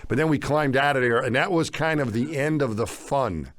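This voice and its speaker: A middle-aged man co-hosting a podcast, telling a story casually with lively chuckles. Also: mid-range voice, moderate pace, no room sound, clean studio sound. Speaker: podcast co-host.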